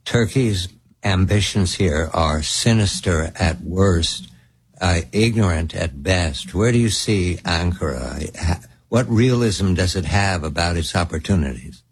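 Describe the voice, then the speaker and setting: Deep husky male interview host. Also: animated. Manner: deliberate, probing questions. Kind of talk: interview questions.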